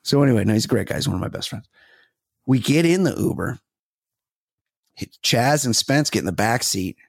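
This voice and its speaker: A man's voice: mid-range voice, animated, a little fast, vocal fry, husky, dry recording, studio quality. A man co-hosting a comedy podcast, telling rambling, profane stories full of restarts in casual chat. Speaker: podcast co-host.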